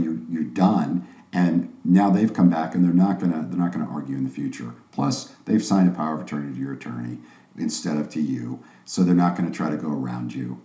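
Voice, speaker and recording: A man's voice: sits low, dark tone. A confident, emphatic man teaching a sales training course in a salesy manner. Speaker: online course instructor. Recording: roomy, slightly dull sound.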